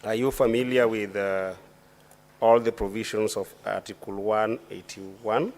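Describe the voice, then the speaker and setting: Formal man, low voice. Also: fairly even intonation, darkish tone. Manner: deliberate and formal, often restarting phrases. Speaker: senator questioning a witness. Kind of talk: formal questioning at a hearing. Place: committee hearing chamber.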